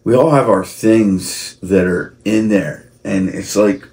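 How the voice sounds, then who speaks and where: A man's voice: on the low side, slow. A man talking to camera in a rambling personal monologue, repeating and restarting, working himself up into heated outbursts. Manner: rambling, gets heated and shouty; frequent restarts and repeated words. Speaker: vlogger.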